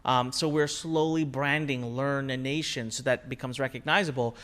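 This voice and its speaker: With a mid-range voice and a moderate pace, this man teaches a recorded online course on marketing. He sounds energetic and chatty, stressing his ideas and posing rhetorical questions to the listener.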